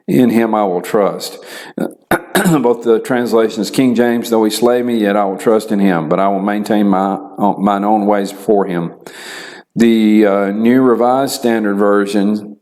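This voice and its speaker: A man's voice: fairly low pitch, darkish tone. A middle-aged man giving a recorded university lecture. He reads scripture aloud and then explains it, with many fillers and repeated words. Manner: slow, halting delivery with frequent repeated words and fillers.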